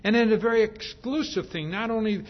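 A man's voice: high voice, fairly quick. A male preacher giving a sermon, emphatic and repetitive, stressing his points with a repeated "see?". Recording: dull lo-fi sermon recording.

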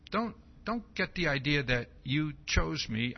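A man preaching a sermon, reading scripture aloud and asking "see?" again and again in a slow, emphatic way. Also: fairly high pitch, animated, creaky, breathy edge. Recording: dull lo-fi recording.

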